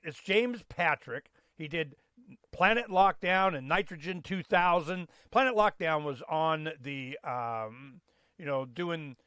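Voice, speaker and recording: A man's voice: fairly high pitch, bright, forceful tone, clean tone, no room sound, studio quality. A man hosting a talk show, chatting in a loose, folksy way with lots of fillers and restarts. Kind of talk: casual rambling chat.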